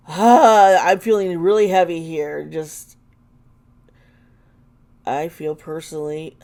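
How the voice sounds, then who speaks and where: A woman's voice: deep voice, vocal fry, darkish tone. A woman doing an intuitive tarot reading for her vlog, earnest and emotional, often trailing off mid-sentence. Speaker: tarot reader.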